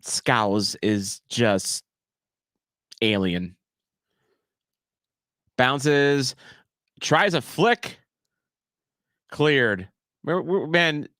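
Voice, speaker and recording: A man streaming a casual watch-along of a live match, animated and jokey, shouting at near-misses. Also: on the high side, takes it slowly, pauses often, no echo, clean studio sound.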